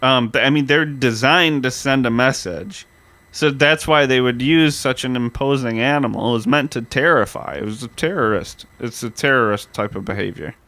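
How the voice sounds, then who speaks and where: A man co-hosting a history podcast, talking in a loose, profane, rambling way. His voice is smooth and resonant, and the recording is dry and close to the mic. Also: mid-range voice, moderate pace, sharp tone, no echo. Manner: loose, profane, storytelling with many "like" fillers. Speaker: podcast co-host. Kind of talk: casual podcast chat.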